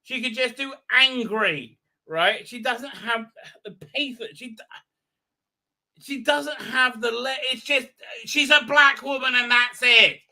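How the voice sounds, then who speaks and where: A man hosting a livestream, giving a rambling recap of a show with many halting fillers and restarts. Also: very high-pitched, pushed and bright. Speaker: livestream host. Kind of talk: ranting show recap commentary.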